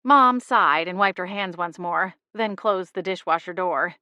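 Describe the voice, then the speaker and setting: A woman reads a first-person audiobook in a steady, even storytelling manner. Her voice sits on the low side for a woman. The studio read is dry and close, with no room around it. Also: unhurried, few pauses, no echo. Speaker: audiobook narrator.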